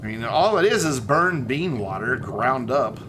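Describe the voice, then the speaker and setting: A man streaming a game, chatting casually and joking in a rambling, animated way. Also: medium pitch, a little slow, slight background noise. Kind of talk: casual chat while playing a game.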